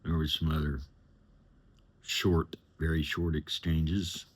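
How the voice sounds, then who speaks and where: Deep husky male storyteller, slow and plain-spoken, former driver recounting his past. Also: little pitch movement. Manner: plain-spoken, unhurried, conversational. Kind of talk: personal testimony storytelling.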